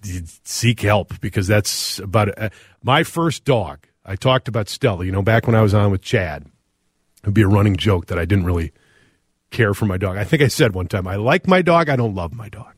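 A middle-aged man hosting a radio talk show, reading listener texts aloud in an earnest, reflective way with frequent pauses. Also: lowish voice, breathy edge, no room sound, studio quality.

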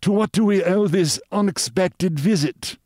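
A man reading aloud who voices a soft-spoken, suave gang boss with a quiet, menacing manner. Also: high-pitched, measured pace, dry recording, clean studio sound, pitched above the performer's own voice.

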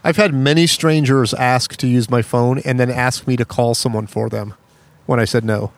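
A man hosting a casual podcast, telling stories in an animated way and acting out the people in them. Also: mid-range voice, normal speed. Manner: animated storyteller, acts out quoted people. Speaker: podcast host. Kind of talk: casual storytelling chat.

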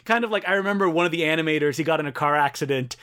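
A man's voice: on the high side, rapid-fire, fairly bright tone, clean tone. A man co-hosting a podcast, chatting easily about cartoon history and laughing often. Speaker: podcast co-host. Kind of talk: casual film-discussion chat.

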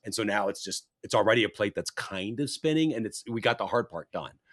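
A man's voice: on the low side, lively intonation, brisk, fairly bright tone, dry recording, clean studio sound. A man co-hosting a business podcast, musing in casual chat and looping back with "you know". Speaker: podcast co-host.

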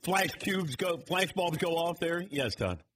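A man hosts a sports talk radio show with a slightly husky voice. His pitch swings widely as he jokes and mocks in a sarcastic, chatty way. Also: animated, unhurried, fairly bright tone. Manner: sarcastic, laughs often, mock voices.

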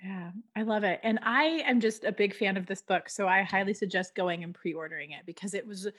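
A podcast host conducts a casual interview, her medium-pitched voice moving a little fast. Her English carries a light Spanish accent, and she speaks with warmth and enthusiasm, heaping effusive praise.

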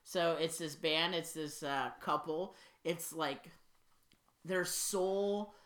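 A woman co-hosting a podcast, chatting casually and teasing her co-host with quick asides. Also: low voice, fairly even intonation, a bit bright. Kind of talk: casual chat.

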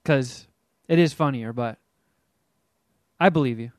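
A man's voice: mid-range voice, measured pace, darkish tone, dry recording, clean studio sound. A man co-hosting a podcast, telling a comic story in a rambling, self-mocking way and acting out the people in it. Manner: acts out quotes in character voices. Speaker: podcast co-host.

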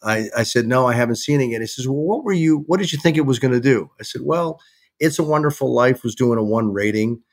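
A sports television executive, appearing as a guest on a podcast, tells a lively story in casual conversation. His medium-pitched voice moves at a quick pace, and he acts out the dialogue he quotes.

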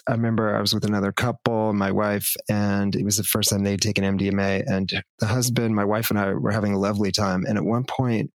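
A man who works as a ketamine therapist, telling stories in a reflective, measured way during a casual podcast conversation. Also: on the low side, dry recording.

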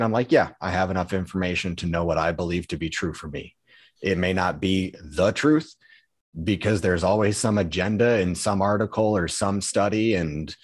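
Deep-voiced father talking earnestly, dry sound. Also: no echo. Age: adult father of a young daughter. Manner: earnest, thoughtful, with fillers and restarts. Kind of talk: casual conversation.

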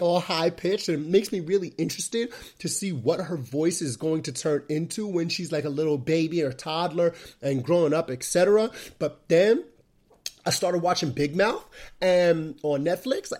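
A man hosting his own podcast, talking casually in an energetic, chatty way with plenty of fillers. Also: on the high side. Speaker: podcast host. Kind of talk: casual solo podcast talk.

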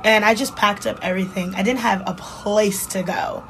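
A woman's voice: mid-range voice, steady tone, moderate pace, a bit bright, a little hiss or hum, low-quality recording. A woman from New Jersey, a writer and poet, telling a personal story candidly and emotionally as a podcast guest, with some casual swearing.

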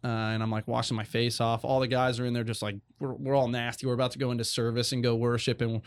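A man's voice: medium pitch, level tone, fast, a little hiss or hum. A young adult man telling a personal faith story as a guest, earnest and rambling with many restarts.

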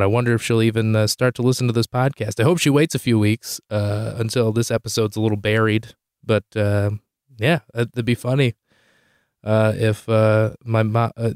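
A young man hosting a podcast, telling a comic story in a rambling, animated way, swearing freely and jumping high in pitch when he quotes himself. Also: dry recording, studio quality. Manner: rambling with many "like" fillers and restarts. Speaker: podcast host. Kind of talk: comedic storytelling monologue.

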